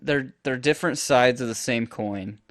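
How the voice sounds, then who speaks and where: A man's voice: mid-range voice, normal speed. A man co-hosting a casual audio podcast, giving loose opinions full of fillers like "like" and "um". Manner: loose, filler-heavy talk with lots of "like". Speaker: podcast co-host. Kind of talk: casual podcast chat on microphones.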